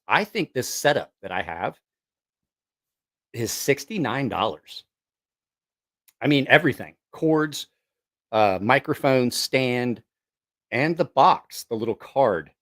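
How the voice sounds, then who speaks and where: A middle-aged man talks casually to the camera, swearing often and poking fun at himself. His pitch jumps around in a lively way while he thinks aloud about the gear he is testing. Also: slow pace, long pauses. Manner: rambling, profane, self-mocking. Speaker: musician testing a voice effects box. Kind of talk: casual vlog chat.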